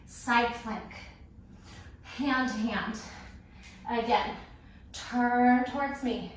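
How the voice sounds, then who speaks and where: A woman's voice: fairly high pitch, fairly bright tone. A woman fitness instructor, out of breath, calling out short, clipped exercise cues through a workout class. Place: home workout space. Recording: echoey room from far off, faint noise.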